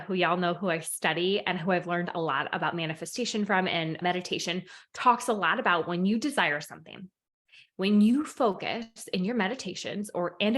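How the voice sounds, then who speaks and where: A woman coach casually telling a personal story to camera in an animated, excitable way, full of "like", sometimes dropping to a whisper. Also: medium pitch. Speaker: manifestation and meditation coach.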